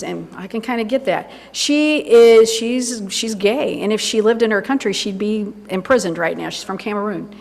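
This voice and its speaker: A woman minister giving an informal, chatty sermon full of asides to herself. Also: mid-range voice. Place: church sanctuary. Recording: long reverb of a church hall.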